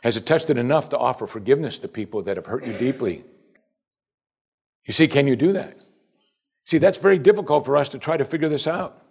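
A man preaching a sermon. He climbs to loud, high emphasis, then sinks to quiet, soft passages, and asks his listeners question after question. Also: fairly quick, creaky, pauses often, husky. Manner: asks the congregation repeated rhetorical questions. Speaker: pastor.

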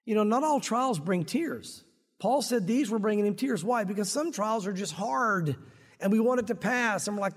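A man's voice: high voice, animated, normal speed, long reverb tail. A male pastor preaching an earnest sermon to his congregation, growing emphatic at points. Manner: earnest, rises to emphatic when confronting sin.

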